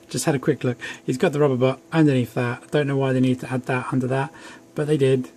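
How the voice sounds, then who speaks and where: With a flat delivery at a moderate pace, a young man reviews an action figure at home in a mid-range, darkish voice. He's chatty and rambling, adding self-deprecating asides, over faint background noise.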